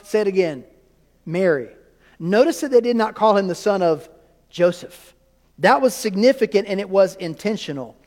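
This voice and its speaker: High-voiced preacher in a reverberant church. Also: male voice, darkish tone. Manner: teaching, quizzing the congregation with questions. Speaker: pastor. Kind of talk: sermon. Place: church sanctuary. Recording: long reverb of a church hall.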